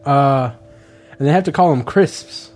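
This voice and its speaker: A man's voice: mid-range voice, measured pace, a little mellow, faint music behind. A man co-hosting a podcast, reading a letter and bantering with friends, joking and swearing. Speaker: podcast co-host.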